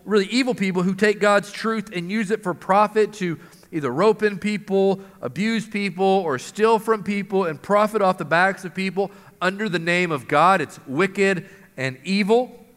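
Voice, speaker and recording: A man's voice: high voice, fairly bright tone. A male pastor preaching a sermon in an earnest manner, rising for emphasis, in a church hall. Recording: long hall reverb.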